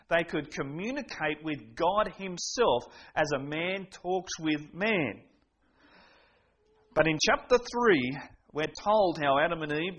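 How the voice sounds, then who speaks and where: Chatty, slightly high-voiced male preacher. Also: a bit bright, breathy edge, low-quality recording. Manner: conversational, folksy, with frequent restarts. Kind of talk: sermon.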